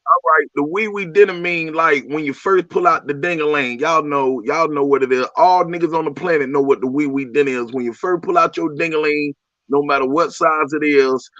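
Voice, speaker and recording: Guy bragging crude about his songs, kinda high voice, muffled close recording. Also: a little fast, fairly bright tone, no echo. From Miami, USA. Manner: boastful, crude, streetwise. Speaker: musician guest. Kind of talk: casual interview chat. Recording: dull lo-fi audio.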